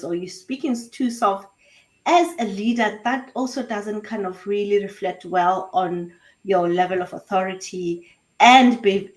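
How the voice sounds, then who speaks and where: A woman whose first language is Sepedi talks as a guest voice coach in an online interview. She explains at length, restarting phrases now and then, in a voice of ordinary pitch. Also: rough recording.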